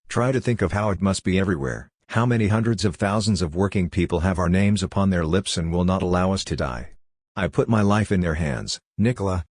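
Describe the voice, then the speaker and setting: A man reading aloud as a steady condemned prisoner, very deep-voiced and even, reassuring his friend. The recording is dry and close, with no room sound. The delivery is earnest and unhurried, as in a spoken novel. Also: dry recording. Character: calm, steady man imprisoned and awaiting execution.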